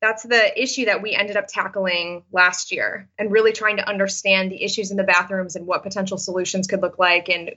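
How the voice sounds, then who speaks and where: A woman's voice: mid-range voice, steady tone, fairly quick, hardly any pauses, sharp tone, breathy edge, dull audio. A woman teacher talking casually in an interview, with many fillers and restarts. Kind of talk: interview answers, storytelling.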